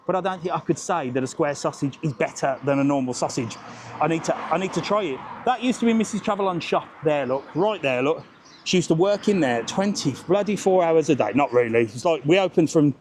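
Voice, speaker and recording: A man's voice: on the high side, a little mellow, slight background noise. A man hosting a casual live-stream walking tour along a seaside resort street, bantering cheekily with passers-by. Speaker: travel vlogger, live-stream host.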